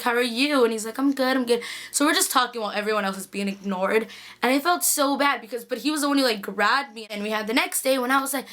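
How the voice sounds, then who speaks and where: A woman vlogging straight to camera, her voice sitting a bit high and rushing along at a quick clip. She gushes excitedly, dropping "like" into nearly every sentence as she tells her story. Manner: excitable, gushing, many "like"s.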